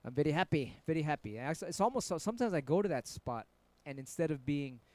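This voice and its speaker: A middle-aged San Francisco man with a slightly high, darkish voice talks quickly and expressively, with no room sound. He chats casually with viewers on his live stream, laid-back and profane, spinning rambling stories packed with swearing.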